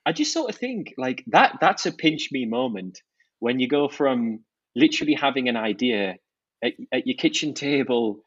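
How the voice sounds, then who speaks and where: A man's voice: medium pitch, lively intonation, moderate pace, slightly rough, no echo, lo-fi sound. A man, a brand founder, talking enthusiastically about his business in a podcast interview. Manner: enthusiastic, fluent product talk with restarts. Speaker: watch brand founder, guest.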